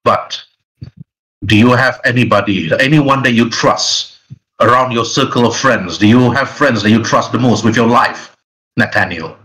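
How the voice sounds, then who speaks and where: A man's voice: medium pitch, normal speed, bright, forceful tone, close to an everyday voice, poor audio. A man voicing a grave old gunslinging mentor who gives solemn, urgent orders. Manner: solemn, pleading commands.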